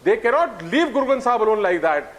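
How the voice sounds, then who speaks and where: Indian male panelist, very high voice, impassioned, stammers on restarts. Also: sing-song, quick pace. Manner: impassioned, stammers into his points. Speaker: debate panelist. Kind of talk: televised studio debate.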